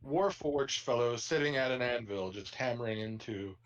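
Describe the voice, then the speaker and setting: A man running a tabletop game as dungeon master, narrating in a relaxed, casual way. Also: mid-range voice, normal speed, dull audio.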